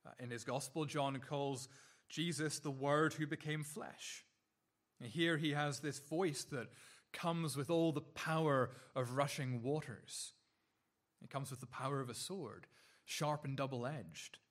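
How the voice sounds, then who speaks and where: A man preaching a sermon earnestly, repeating words and restarting phrases, and slowing down to linger on key lines. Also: a little high.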